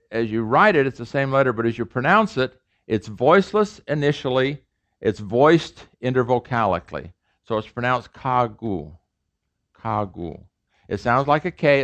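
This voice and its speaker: A middle-aged man, a professor, lecturing an audience on pronunciation and repeating sounds emphatically to demonstrate them. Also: medium pitch. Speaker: professor teaching a language class.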